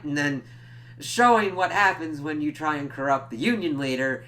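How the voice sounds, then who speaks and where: A man giving a casual, rambling episode review, swearing freely and slipping into quick character impressions. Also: fairly high pitch, pushed and bright. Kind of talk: casual spoken recap and review.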